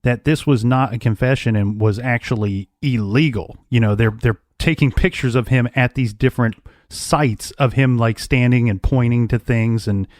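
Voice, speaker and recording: A man co-hosting a true crime podcast, recounting case details at a quick clip with dry asides. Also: medium pitch, darkish tone, no echo. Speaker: podcast co-host.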